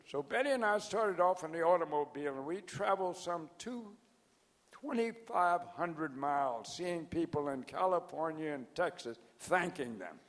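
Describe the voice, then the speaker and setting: A man's voice: fairly high pitch, lively intonation, moderate pace. Ninety-year-old man speaking in a big hall. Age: 90s. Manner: folksy, joking, loses his place. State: hard of hearing. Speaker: founder giving anniversary address. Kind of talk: rambling anecdotal speech to a crowd. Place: large event hall. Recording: large hall with faint crowd and noise.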